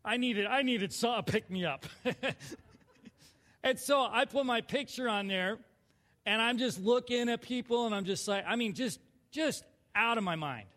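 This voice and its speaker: Brief: thirties man, high voice, church testimony in a reverberant hall, animated, hushed to loud. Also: a little slow. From southern California. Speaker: church speaker sharing testimony. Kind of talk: personal testimony sermon.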